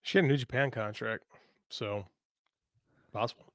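A man's voice: medium pitch, moderate pace, dry recording, studio quality. A man co-hosting a podcast, giving emphatic, ranting opinions in casual talk. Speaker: podcast co-host.

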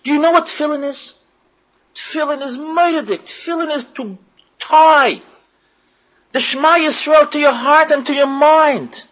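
A woman's voice: high voice, normal speed, rough recording. A woman giving an impassioned religious lecture to women, repeating phrases and putting questions to her listeners. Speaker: religious teacher.

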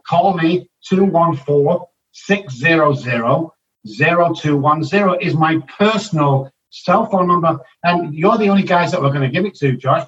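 A man's voice: a little high, a bit bright, distant mic, highs cut off. An older man, a guest on an interview podcast, talking bluntly and motivationally about addiction recovery, swearing freely. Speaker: addiction counselor and author, guest.

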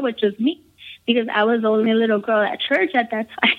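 A woman's voice: a little high, steady tone, fairly quick. A woman casually telling a personal story, rambling with lots of "um", "like" and "you know". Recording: tinny phone-like line.

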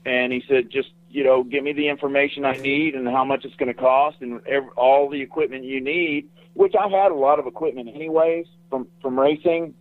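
A man's voice: medium pitch, fairly even intonation, fairly quick, few pauses, no echo. Man telling stories over a tinny phone line. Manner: rambling, repeats himself. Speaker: guest. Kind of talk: casual storytelling interview.

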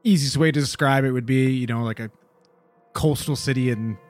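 A man's voice: medium pitch, brisk, soft background music. A man, a paramedic, telling a story in casual chat, rambling and often asking "you know what I mean".

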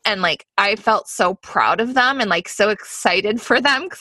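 A woman's voice: mid-range voice, normal speed, hardly any pauses, fairly bright tone, dry recording. A young woman co-hosting a podcast, telling stories in a casual chat, peppered with "like". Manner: chatty storytelling, peppered with "like". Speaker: podcast co-host.

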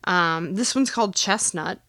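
A woman's voice: on the low side, unhurried, bright, forceful tone. A woman co-hosting a podcast, rambling and correcting herself as she chats with amusement about holiday romance books. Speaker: podcast co-host.

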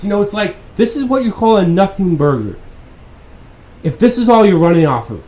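A man's voice: sits high, big pitch swings, normal speed, darkish tone. A man hosting a podcast, giving profane, exasperated and sarcastic news commentary. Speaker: podcast host. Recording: echoey room with faint background noise.

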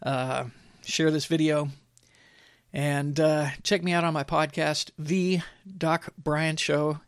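A man's voice: a little high, fairly even intonation, slow pace, clear, resonant tone, dry recording, studio quality. A male podcast host giving blunt opinion commentary in a conversational monologue, with frequent fillers.

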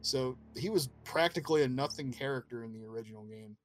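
A man co-hosting a casual podcast chat, excited and profane, laughing often. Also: medium pitch, quick pace, faint music behind. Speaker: podcast co-host.

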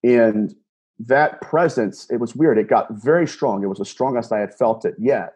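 A man being interviewed, retelling a personal encounter in an animated way, often restarting and repeating words. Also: medium pitch, normal speed, breathy edge. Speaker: guest, paranormal investigator. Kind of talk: storytelling interview.

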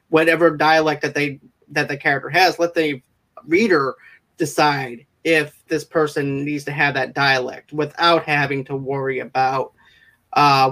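A man hosting a casual interview, talking in quick, enthusiastic bursts and often speeding up. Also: on the high side, a bit bright. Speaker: interview host.

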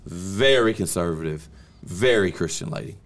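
A man, hosting a podcast and telling a story in a lively, laughing way that bursts into yelling. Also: low-pitched, moderate pace. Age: 30s. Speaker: podcast host. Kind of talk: casual storytelling chat.

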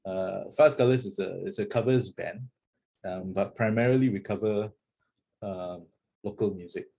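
A Singaporean man hosting a podcast, chatting casually with a halting, restarting delivery. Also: fairly low pitch, creaky, warm tone, slightly rough. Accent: Singaporean English. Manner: halting, many restarts and laughs. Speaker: podcast host. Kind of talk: casual chat.

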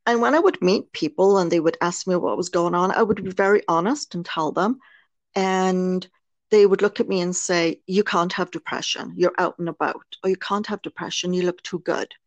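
A British woman, a nurse and author, speaks frankly and earnestly in a candid podcast interview, using frequent fillers. She has a lowish voice with British English accent and a moderate pace, and the recording has no room sound and cut-off highs.

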